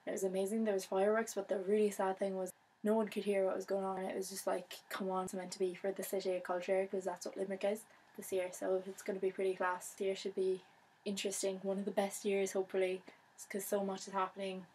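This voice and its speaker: A woman's voice: medium pitch, monotone, fast, darkish tone, slight background noise, rough recording. A young woman chatting casually to camera in her vlog, bubbly and talkative. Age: young adult. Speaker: vlogger.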